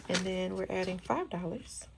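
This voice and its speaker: A chatty woman, talking casually with viewers while she counts bills aloud. Her mid-pitched voice has a gravelly edge. The recording carries steady background noise. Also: normal speed. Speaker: budgeting vlogger. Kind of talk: casual cash-stuffing vlog chat.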